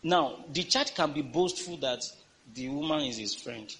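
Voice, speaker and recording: Man, pastor, preaching in church, animated pitch, call-and-response. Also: unhurried, slight background noise. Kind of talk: sermon.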